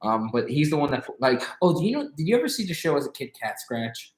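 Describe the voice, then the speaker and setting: A man's voice: on the high side, very animated, fast talker. A young man, the guest in a casual chat, reacting with exasperated swearing and telling stories of his own. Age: young adult. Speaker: guest, musician. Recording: echoey room.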